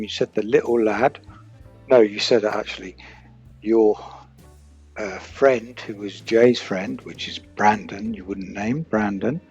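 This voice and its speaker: A man's voice: fairly low pitch, vocal fry, warm tone, husky, dull audio. A man doing a casual true crime commentary, rambling and firing questions at people who are not there. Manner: rambling, asks questions aloud to absent people.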